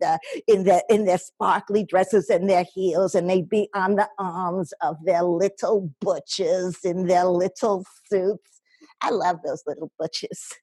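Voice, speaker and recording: A woman's voice: fairly low pitch, a little mellow, slightly rough, no room sound. Woman playing an older New York lady, gossipy and nostalgic, talks to the crowd. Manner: gossipy, addresses the audience directly. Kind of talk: solo stage performance.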